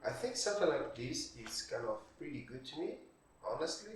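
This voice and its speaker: A man, a non-native speaker whose first language is Portuguese, walking through a software tutorial while thinking aloud and checking in with tag questions. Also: on the high side, very animated, a little fast, slight background noise. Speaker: 3D art tutorial creator. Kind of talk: screen-recorded software tutorial. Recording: very echoey room, distant mic.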